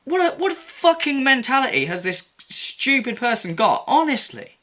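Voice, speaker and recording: A man's voice: very high-pitched, very animated, moderate pace, pushed and bright. A young man ranting angrily in an opinion vlog, indignant, sweary and sarcastic. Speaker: commentary vlogger. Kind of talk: angry opinion rant.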